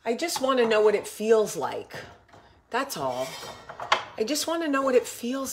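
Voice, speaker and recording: A woman talks straight to camera in a rambling, blunt way, dropping swear words as she goes. Her voice sits fairly high. The room is echoey, with faint clinks of dishes behind her. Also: lively intonation, normal speed, background noise. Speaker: vlogger, show host. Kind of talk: casual chat to camera.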